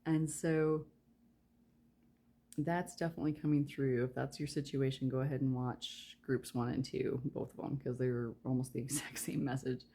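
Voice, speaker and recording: A woman giving a casual pick-a-card tarot reading, chatty and rambling, trailing off with fillers and soft laughs, sometimes talking quietly. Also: extremely low pitch, little pitch movement, normal speed. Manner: speaks softly and quietly at times. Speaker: tarot reader.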